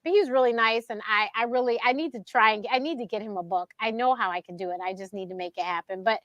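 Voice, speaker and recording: A high-pitched woman with a bright, forceful voice, chatting in a casual, storytelling way. She is lively and laughs often, and she jumps into a higher voice when she acts out what other people said. The sound is dry and close. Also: quick pace, dry recording, lo-fi sound. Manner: animated, acts out quotes in a higher voice; laughs often mid-sentence. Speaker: show host being interviewed.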